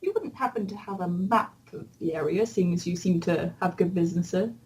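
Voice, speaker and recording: A woman's voice: on the low side, brisk, a little mellow. A woman playing a tabletop role-playing game, speaking hesitantly and politely with many restarts. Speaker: player.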